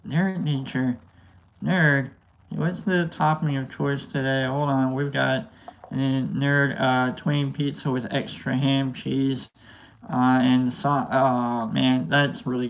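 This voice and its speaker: A man's voice: medium pitch, slow, creaky, pushed and bright. A man hosting a casual live stream, rambling and joking, with bursts of mock outrage. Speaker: streamer host.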